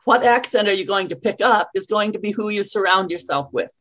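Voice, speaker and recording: A middle-aged woman from Canada coaches in an emphatic way, firing off rhetorical questions. Her voice sits at a middle pitch. She speaks over a video call. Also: fairly quick, fairly bright tone. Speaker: English coach. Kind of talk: interview answers, teaching.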